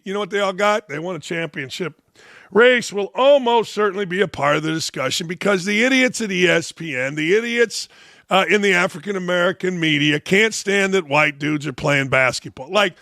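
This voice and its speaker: A man's voice: high-pitched, gravelly, pushed and bright, dry recording, clean studio sound. A man in his sixties from Northwest Indiana hosting a sports commentary show, blunt, combative and profane, a little under the weather. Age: 60s. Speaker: host.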